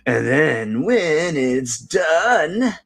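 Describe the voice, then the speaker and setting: A man hosting his drawing vlog, chatting in a relaxed, rambling, self-deprecating way while he works. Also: on the high side, very slow, vocal fry. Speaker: artist host. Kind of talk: casual drawing vlog talk.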